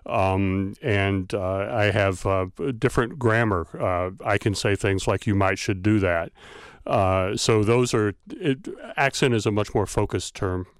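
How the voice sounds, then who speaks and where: A man's voice: on the low side, measured pace, hardly any pauses, smooth, dry recording, clean studio sound. A man with a light Southern American accent, a linguistics professor answering interview questions thoughtfully with many fillers. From Southern United States. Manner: thoughtful, frequent uh fillers, academic.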